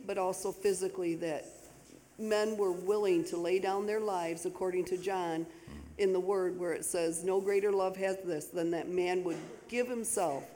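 A woman leading a spoken prayer in church, steady and earnest. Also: lowish voice. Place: church sanctuary. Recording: echoey church hall with faint noise.

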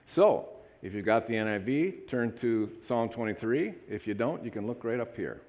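A man preaching as pastor, leading the congregation in loud recitation. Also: mid-range voice, lively intonation, normal speed. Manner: leads congregation in loud call-and-response recitation. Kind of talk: sermon. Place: church sanctuary. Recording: echoey church hall.

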